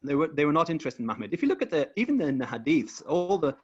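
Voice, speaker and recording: Male guest on a video call, husky, careful explainer, muffled lo-fi line. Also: a little high, very animated, very fast. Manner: careful, repeats words while explaining. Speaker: guest researcher. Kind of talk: explanatory talk over screen share.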